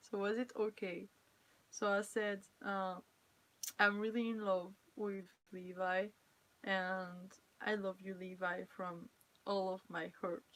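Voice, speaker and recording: A woman's voice: mid-range voice, flat delivery, slow, long pauses, fairly bright tone. A young woman from France with a French accent, chatting casually and playfully on a live stream, laughing often and teasing her viewers. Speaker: cosplayer streamer.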